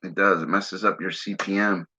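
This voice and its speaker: A man's voice: low voice, fairly even intonation, moderate pace, background noise. A man from the Philadelphia area hosting a casual livestream, rambling and saying "man" a lot while he smokes. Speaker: livestream host. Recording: dull lo-fi stream audio.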